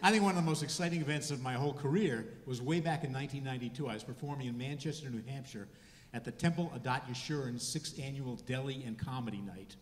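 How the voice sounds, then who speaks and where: A man in his seventies delivers stand-up with a dry, deadpan touch and a mid-range voice. He is recorded live in a hall, so his voice rings with a long, roomy echo and faint noise underneath. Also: mid-range voice, fast, crowd noise. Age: 70s. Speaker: stand-up comedian and rabbi. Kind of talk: stand-up comedy set. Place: hall before a live audience.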